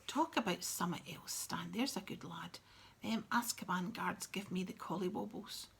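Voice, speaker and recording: A woman's voice: lowish voice, moderate pace, creaky, breathy edge, heavily acted. A woman reading an audiobook whispers as a nervous older male bus driver, in whispered role-play. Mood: uneasy. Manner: hushed, uneasy muttering.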